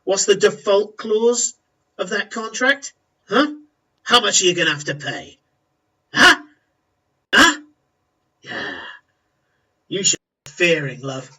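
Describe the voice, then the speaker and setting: A man's voice: sits high, big pitch swings, takes it slowly, long pauses, pushed and bright, recorded from a distance, voice pushed up, exaggerated voice, poor audio. A man voicing a menacing male half-orc debt enforcer who taunts and threatens.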